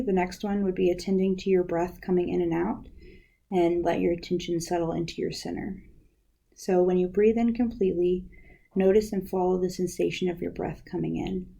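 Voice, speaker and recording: A woman's voice: on the low side, gravelly. A young woman working as a university outreach specialist, giving a casual guided lesson on counseling skills with many ums and likes. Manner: relaxed, uses many fillers like "um" and "like".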